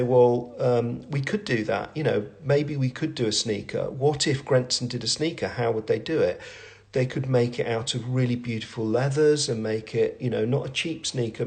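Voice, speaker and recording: Gravelly middle-aged man rambling on a live stream. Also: medium pitch, a little mellow. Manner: rambling, self-deprecating, chatty with many fillers and restarts. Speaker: brand owner and creative director hosting a live Q&A. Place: at home, with family in the room.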